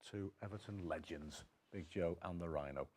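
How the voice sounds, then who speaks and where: A man's voice: deep voice, moderate pace, darkish tone. A man presenting a club football show, reading scripted links and asking chatty questions. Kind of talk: presenting and interviewing.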